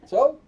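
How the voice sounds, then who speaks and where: A man's voice: very high-pitched, lo-fi sound. A man in his eighties, a cantor, telling a chatty, playful story during a synagogue service and asking the children questions as he goes. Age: 80s. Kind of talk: storytelling sermon to a congregation. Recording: distant live-stream audio with faint background noise.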